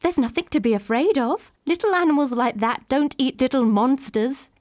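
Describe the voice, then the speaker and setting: A woman voicing a gentle, patient donkey mother who talks in a soothing, reassuring way. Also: sits high, normal speed, no echo, studio quality, close to an everyday voice. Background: children's music.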